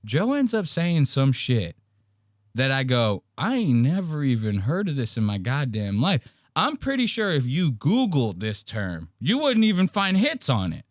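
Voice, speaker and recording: A man's voice: mid-range voice, wildly swooping pitch, a little slow, no room sound, studio quality. A man hosting a podcast, telling crude stories and mimicking others in a profane, mocking way. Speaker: podcast host. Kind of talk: crude comedic podcast commentary.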